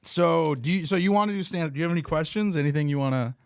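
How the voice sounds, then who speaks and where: A man's voice: a little high, rapid-fire, clear, resonant tone, no echo. A man hosting a podcast in loose casual chat, swearing and laughing often. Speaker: podcast host and comedian.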